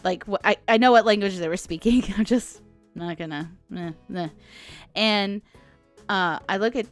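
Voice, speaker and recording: A woman hosting a podcast, telling stories in a chatty, animated way and laughing often. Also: mid-range voice, normal speed, soft background music. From United States. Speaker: podcast host. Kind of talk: casual storytelling monologue.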